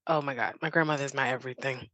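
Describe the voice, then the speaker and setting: A woman's voice: rumbling low, steady tone, very fast, a bit bright, no room sound. A woman guest on a talk show, telling her story in an eager, rambling way full of "like"s and restarts. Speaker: interview guest. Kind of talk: casual interview chat.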